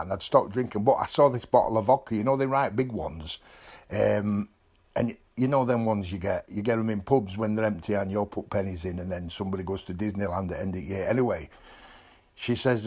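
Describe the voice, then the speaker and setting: A man's voice: lowish voice, lightly acted. A man with a Yorkshire accent voicing a trained animal who tells blokey tall tales and drops his voice for asides. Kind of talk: dubbed comic voice-over.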